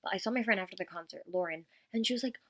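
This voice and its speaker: A woman's voice: mid-range voice, racing, a bit bright, no room sound. A teenage girl vlogging about a concert in a gushing, rambling way, full of "like" fillers, sometimes dropping to a whisper. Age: teens. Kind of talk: casual vlog chat.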